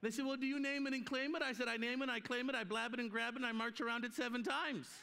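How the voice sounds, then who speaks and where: The voice of this animated guest preacher is high, fast, gravelly and smooth. He tells stories through his sermon and acts out the voices in them, recorded as live stream sound in a church hall that adds long reverb.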